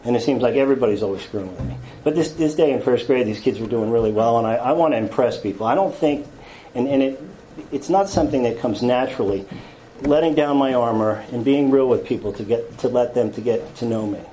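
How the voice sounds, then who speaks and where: A man telling his own life story to a group in a halting, confessional way, with frequent stammered restarts and wry self-mocking humor. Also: mid-range voice, mellow, slight background noise, rough recording.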